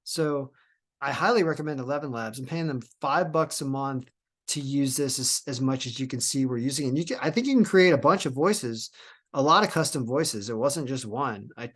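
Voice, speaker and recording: A man talking casually on his own podcast, drifting from thought to thought and restarting his sentences often. His voice sits at an ordinary middle pitch for a man. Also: fairly bright tone. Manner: rambling, with many restarts and trailing phrases. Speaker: podcast host.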